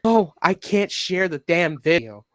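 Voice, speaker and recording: A man's voice: high voice, sing-song, measured pace, a bit bright, no echo. A man hosting a casual gaming livestream, swearing freely and laughing often as he reacts to game trailers and fights his computer. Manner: profane, laughs often, grumbles at tech trouble.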